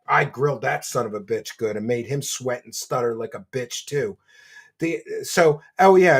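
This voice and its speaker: A man's voice: medium pitch, slightly rough. A man hosting a livestream, chatting casually and reading donations in a brash, mocking, foul-mouthed way. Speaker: livestream show host.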